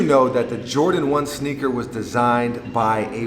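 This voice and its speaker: A man's voice: mid-range voice, measured pace. A man chatting casually as a sneaker vlog host, joking and restarting his sentences. His voice sits mid-range and rings with long reverb in a roomy space. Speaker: sneaker vlogger. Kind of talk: casual chat.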